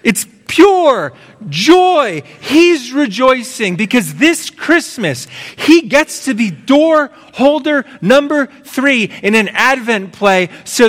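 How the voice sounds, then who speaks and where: A man's voice: high voice, fairly bright tone. A man preaching a sermon as pastor, emphatic and urging, acting out a story with quoted voices. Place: church sanctuary. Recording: long reverb of a large hall.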